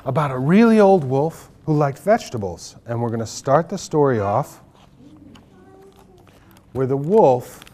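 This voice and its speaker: An author reads his picture book aloud to a group of children in a library, his voice swinging widely up and down in pitch as he leads them in call-and-response. He keeps a slow, unhurried pace as he tells the story. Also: lively intonation, warm tone. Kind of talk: live storybook reading to children. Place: public library, audience of children.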